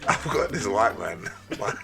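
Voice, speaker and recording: A man's voice: lowish voice, measured pace, gravelly, over loud music. A man, a podcast guest, telling stories in casual chat and dropping to a near-whisper for emphasis. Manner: animated storyteller, drops to near-whisper for emphasis.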